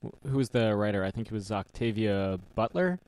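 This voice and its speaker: A man hosting an interview show, relaxed and rambling, chuckling as he tells stories. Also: lowish voice, fairly quick, no echo. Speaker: show host. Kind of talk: casual interview chat.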